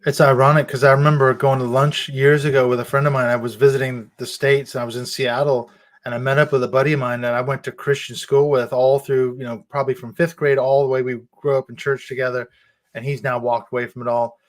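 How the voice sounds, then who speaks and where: A middle-aged man speaks as a guest in an easygoing conversation. His voice sits in an ordinary middle pitch. He tells his stories with animation and the occasional chuckle. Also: fast talker. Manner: animated storytelling with frequent laughs. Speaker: author and guest. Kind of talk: casual conversation.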